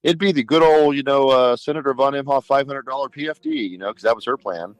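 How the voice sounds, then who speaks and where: A man's voice: medium pitch, quick pace, no echo, low-quality recording. A middle-aged man, a state senator, talking emphatically on a radio talk show and acting out conversations. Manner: emphatic, animated, acts out conversations.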